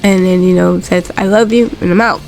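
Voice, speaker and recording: A woman talking casually and excitably on her own, recapping events with frequent swearing and laughter. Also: fairly low pitch, fairly quick, vocal fry, soft background music. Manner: chatty, excitable, swears freely, laughs often. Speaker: wrestling recap host.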